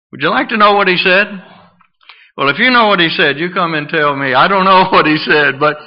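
A man preaching a sermon, swinging from raised emphatic lines to hushed, drawn-out ones. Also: dull audio. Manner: animated, swings from booming to hushed.

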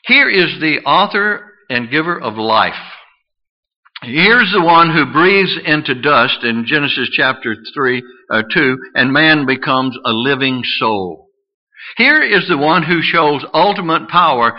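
Preacher guy, kinda high voice, swoops all over, muffled lo-fi recording. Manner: animated, swings from booming to hushed. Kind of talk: sermon.

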